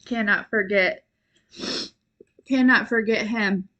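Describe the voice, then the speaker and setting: A young woman hosting a live stream, chatting warmly and rambling, giggling and at times tearful with gratitude. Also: mid-range voice, takes it slowly, muffled recording. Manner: chatty, rambling with many fillers. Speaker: livestream host and intuitive reader. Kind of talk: casual livestream chat.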